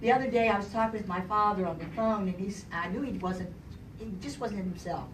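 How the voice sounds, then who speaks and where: A woman's voice: mid-range voice, a little fast. An older woman giving her retirement farewell speech, joking and chuckling as she tells stories to an audience. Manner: warm, joking, chuckling storyteller. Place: large hall at a retirement celebration. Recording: echoey hall from far off, crowd noise. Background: audience chatter and laughter.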